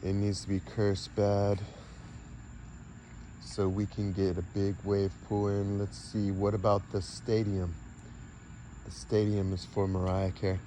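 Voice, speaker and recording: A man's voice: fairly low pitch, monotone, measured pace, warm tone, slight background noise. A man rambling through a casual, half-improvised monologue, drifting from one fanciful idea to the next and swearing mildly now and then. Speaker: vlogger.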